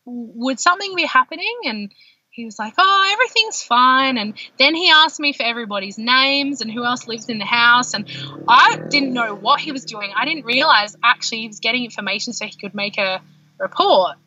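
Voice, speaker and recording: A woman, a podcast guest telling her personal birth story in an animated way, full of fillers. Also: on the high side, fairly quick, a little hiss or hum. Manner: animated, heavy use of filler words. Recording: dull lo-fi dry sound.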